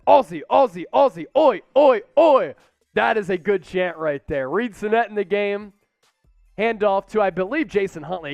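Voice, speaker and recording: Excitable male watch-party host with a high, smooth voice. Dry studio sound with faint music behind. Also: dry recording, highs cut off. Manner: excitable, shouts chants and play-by-play calls. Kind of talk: live sports watch-party commentary.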